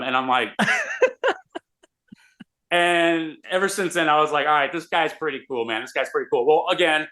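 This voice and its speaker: A man, a radio host, telling an animated story in a casual interview. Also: a little high, normal speed. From Austin, Texas. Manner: animated, excitable storyteller with many restarts.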